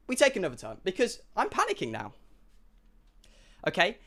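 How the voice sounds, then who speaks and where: A young man tells a story to his stream chat, excitable and full of swearing. His voice sits high and swings widely, and it sounds bright and forceful as he acts out each exchange. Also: measured pace.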